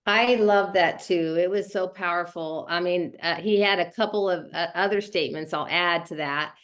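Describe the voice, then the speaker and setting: Lower-voiced woman sharing chattily. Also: normal speed, a bit bright. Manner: chatty, many fillers and restarts. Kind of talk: casual group call sharing.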